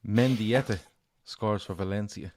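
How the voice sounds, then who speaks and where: A man's voice: lowish voice, darkish tone. A man hosting a casual football quiz podcast, running questions and calling answers right or wrong. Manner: brisk quizmaster, reads questions and scores answers. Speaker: quiz host.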